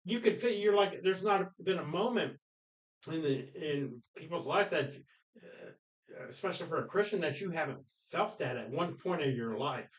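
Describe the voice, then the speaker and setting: A man co-hosting a casual film discussion podcast, retelling movie scenes with animated energy, acting out quoted lines and laughing often. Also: fairly high pitch, normal speed, low-quality recording. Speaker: podcast co-host.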